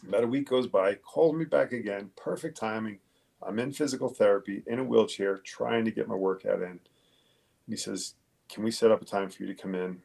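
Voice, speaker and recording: A police detective, interviewed as a guest, tells his story in a low, gravelly, somewhat husky voice with a darkish tone. He talks a little fast, bluntly and emphatically, and swears freely.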